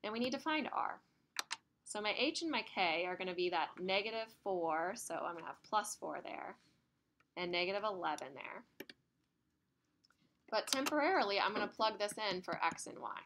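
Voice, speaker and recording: A woman's voice: medium pitch, expressive, normal speed, fairly bright tone, a little hiss or hum. A woman teaching an algebra lesson in a classroom, chatty and laughing as she tells stories. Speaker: math teacher. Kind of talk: classroom lecture.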